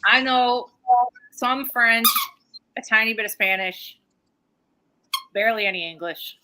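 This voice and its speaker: A woman's voice: on the high side, a little slow, pushed and bright, low-quality recording. A woman co-hosting a live podcast, teasing and blunt in casual chat. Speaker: podcast co-host.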